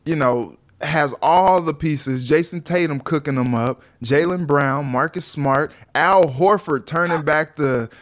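A man co-hosting a sports talk show, chatting casually and jumping into little acted-out quotes. His voice sits a bit higher than most men's. The talk is animated and quick to react. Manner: animated, acts out quotes of players and fans. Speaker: co-host.

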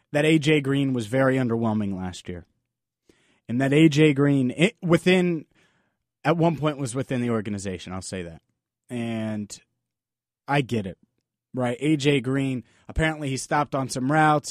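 A man's voice: medium pitch, no echo, studio quality. A man hosting a sports talk podcast, delivering an emphatic, opinionated monologue full of rhetorical questions. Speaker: podcast host.

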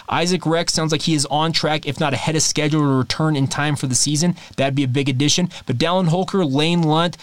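A man's voice: on the high side, dry recording. Emphatic man hosting a sports podcast. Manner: emphatic, bullish, repeats key words for stress. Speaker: podcast host. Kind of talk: solo sports podcast commentary.

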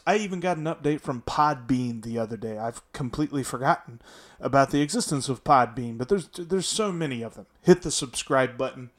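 A man hosting a sports podcast alone, talking in a chatty, upbeat and self-deprecating way. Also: fairly high pitch. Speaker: podcast host. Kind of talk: casual solo sports podcast monologue.

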